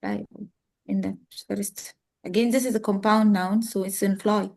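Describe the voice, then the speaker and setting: Woman student, short answers, kinda jokey, ordinary pitch. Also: fairly even intonation, measured pace, creaky, a little mellow. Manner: answers briefly, playful and joking.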